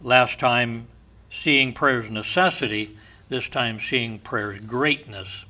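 Male pastor, sermon delivery, bright tone, unhurried storytelling with soft asides. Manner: unhurried storyteller, often dropping to a soft, low voice.

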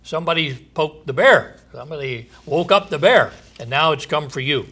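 Guy preaching, reads the verses out then talks them through, bright kinda high voice. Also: moderate pace, husky. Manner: reads scripture aloud, then explains it conversationally. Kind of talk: sermon.

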